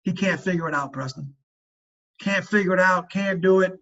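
A father gives parenting advice on a faith-based podcast, talking earnestly and preachily about fathering with plenty of emphasis and frequent sentence restarts. His voice is high and a bit bright, delivered at a normal speed, over lo-fi sound.

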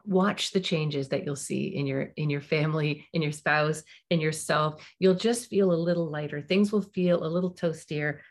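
A middle-aged woman hosting a parenting podcast, giving advice in a warm, animated way and acting out little example dialogues. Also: low-pitched, normal speed, few pauses.

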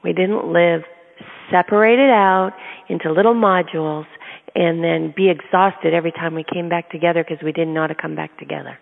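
A woman's voice: on the low side, fairly even intonation, normal speed, gravelly. A middle-aged woman, an autism advocate and parent, talking casually through personal stories in an earnest, chatty way, often laughing mid-sentence. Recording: tinny phone-like sound with long reverb.

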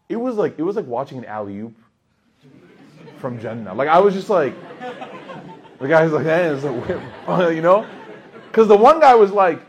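Young male teacher, husky mid-range voice, animated class lecture swinging from loud to hushed. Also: medium pitch, a little fast, dull audio. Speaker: Islamic teacher. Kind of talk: lively class talk with storytelling.

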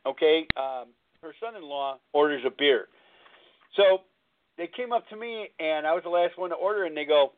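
Man, call-in show host, earnest and rambling, high voice, tinny lo-fi line. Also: expressive, moderate pace. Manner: rambling, earnest, repeats himself. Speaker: recovery talk show host. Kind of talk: call-in talk show storytelling. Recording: tinny phone-line sound.

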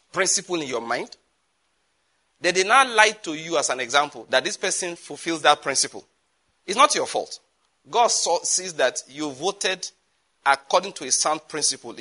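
A man, preaching a sermon as a pastor, emphatic and animated, with repetitions and sudden asides. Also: a little high.

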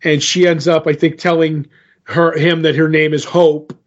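Recapping a comic book story, a podcast co-host whose voice is somewhat high-pitched rambles along at normal speed with a flat delivery. He keeps voicing characters with "he's like" and "she's like," all in dull, lo-fi sound.

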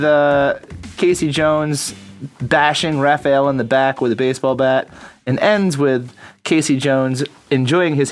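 A man from upstate New York hosting a casual podcast, chatty and rambling, laughing easily. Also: mid-range voice. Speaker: podcast host.

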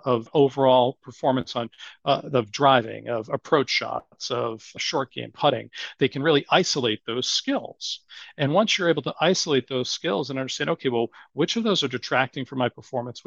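Podcast guest with a Boston accent, gravelly voice, thoughtful and chatty, dull dry sound. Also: male voice, mid-range voice, fairly bright tone, dry recording. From Boston area. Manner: thoughtful, filler-heavy, uses "you know" often. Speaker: guest, asset management strategist. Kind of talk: conversational podcast interview.

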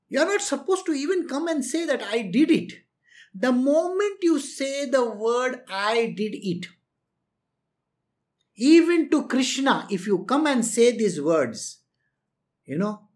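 A woman giving an earnest spiritual discourse, lecturing her listeners directly. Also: mid-range voice. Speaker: spiritual teacher.

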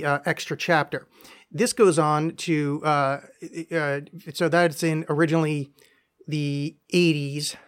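Brief: male solo podcast host, casual and profane, stumbling through a reading, voice pitched a bit high. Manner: rambling, self-deprecating, profane.

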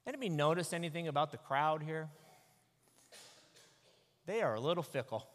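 A man, a pastor, giving an animated, conversational sermon into a microphone. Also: on the high side, a little fast. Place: church sanctuary. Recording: echoey church hall.

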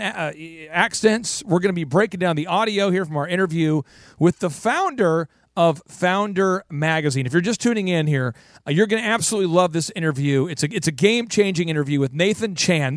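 A high, lively middle-aged man hosts a casual talk show, telling stories with lots of laughter and restarts. His voice bounces around in pitch. It is recorded close and dry, with no room sound. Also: dry recording. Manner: animated storytelling, laughing and restarting sentences. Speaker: host.

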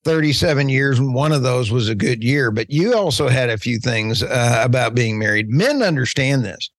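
A man's voice: mid-range voice, lively intonation, moderate pace, breathy edge, no room sound. A man in his fifties with a Texas and Oklahoma accent, hosting a podcast in a jokey, self-deprecating, rambling way. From southern United States. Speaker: podcast host. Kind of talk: casual podcast chat.

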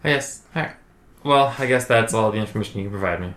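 A man's voice: lowish voice, quick pace, a bit bright. A man playing his character in a tabletop game, polite and hesitant. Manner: hesitant, polite, lots of fillers. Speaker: player. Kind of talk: in-character tabletop role-play. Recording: roomy echo.

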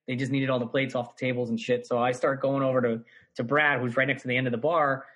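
Husky man telling a wild story. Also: fast. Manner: animated storyteller, swearing, jumps high for quoted voices. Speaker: guest comedian telling a story. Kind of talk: casual podcast storytelling.

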